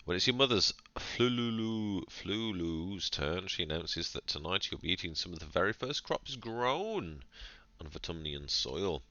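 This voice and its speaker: A man's voice: low-pitched, expressive, unhurried, pushed and bright, dry recording, muffled recording. A man hosting a gaming channel, reading game text aloud in a narrated let's-play and breaking off for playful, chatty, jokey asides.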